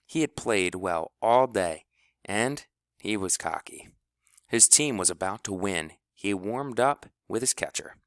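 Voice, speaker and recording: A man narrating an audiobook in a low voice that rises and falls with lively expression. The recording is close and dry, with no room sound. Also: unhurried, clean tone, no room sound. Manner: expressive storytelling.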